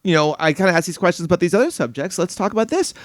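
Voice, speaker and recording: A man's voice: sits high, animated, rapid-fire, no echo. A man hosting a casual interview, jokey and enthusiastic, often stumbling over his words. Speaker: host.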